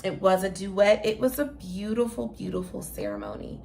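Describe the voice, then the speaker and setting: Casual woman co-host, young, animated storyteller with lots of "um"s. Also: medium pitch, moderate pace, creaky, a little hiss or hum. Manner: animated, emotional storytelling with many fillers. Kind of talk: casual chat about their wedding.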